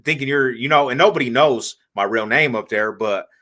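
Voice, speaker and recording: A man hosting a podcast, telling stories in animated, slangy casual chat and laughing as he goes. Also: medium pitch, brisk. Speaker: podcast host.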